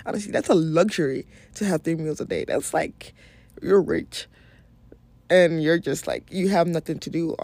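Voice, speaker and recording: A woman's voice: low-pitched, normal speed, a little mellow, no room sound. A woman from Nigeria hosting a podcast, talking casually and frankly about wellness, swearing freely and often laughing. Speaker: podcast host. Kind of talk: casual spiritual wellness monologue.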